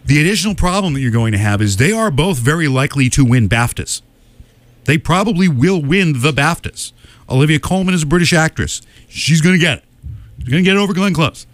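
A man in an easy, conversational recap, running down a list of winners and tossing in his own verdicts. His voice is mid-pitched and sounds dry and close, with little room around it. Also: lively intonation, no echo. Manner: rattles off winners with quick opinions, many "uh" fillers. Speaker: podcast co-host. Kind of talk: casual awards recap chat.

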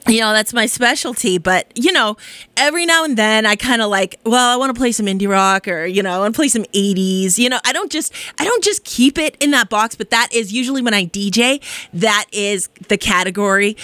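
A woman's voice: medium pitch, fairly quick, pushed and bright, dry recording. A woman radio DJ chatting on air in a bubbly, rambling, effusive way. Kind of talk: casual radio chat.

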